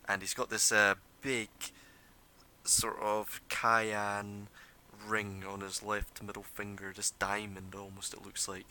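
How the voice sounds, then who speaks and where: A man narrating as game master of a tabletop game, describing scenes in a relaxed, rambling way full of fillers. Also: lowish voice, takes it slowly.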